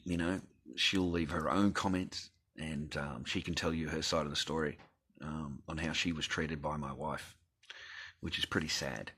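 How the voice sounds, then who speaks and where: Gruff low-voiced swearing Australian man. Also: pushed and bright. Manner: heavy swearing, blunt and rambling. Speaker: vlogger. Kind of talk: ranting personal story.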